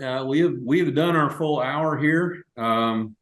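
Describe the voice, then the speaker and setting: A man hosting a web show, rambling and relaxed with many fillers. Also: medium pitch, measured pace. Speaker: host. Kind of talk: casual chat. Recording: echoey room.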